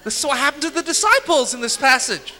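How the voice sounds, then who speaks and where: High, bright-voiced male preacher. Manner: animated, acts out scenes, drops to soft slow voice for Jesus' words. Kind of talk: sermon with interpreter. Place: church hall. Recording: echoey hall. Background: long hall reverb.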